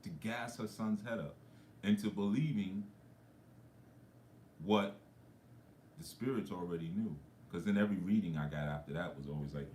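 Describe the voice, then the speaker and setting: A low-pitched man tells stories to his livestream viewers. He speaks conversationally and keeps dropping in frequent asides. His voice echoes around a roomy space, with faint ambience underneath. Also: moderate pace, pauses often, a little mellow, slight background noise. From New York. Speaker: spiritual coach. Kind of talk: livestream talk.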